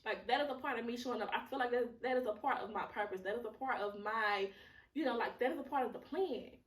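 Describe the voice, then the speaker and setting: A woman's voice: a little high, quick pace, roomy sound, distant mic. A woman hosting a podcast, telling a personal testimony in a candid, emotional way, swearing freely and using many fillers. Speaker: podcast host.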